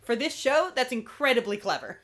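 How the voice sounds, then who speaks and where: A woman with a bright, forceful voice chats casually as a podcast co-host, recapping an episode. Her pitch swings widely and she delivers dry, wry asides. She sits a little higher than most women. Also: brisk. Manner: animated, wry, acts out quotes.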